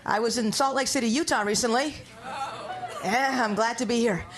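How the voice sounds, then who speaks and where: A woman's voice: a little high, normal speed, crowd noise. A woman from New York doing a stand-up comedy set on stage. She talks in a wry, conversational way and builds each bit toward a punchline. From New York, USA. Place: comedy stage before an audience.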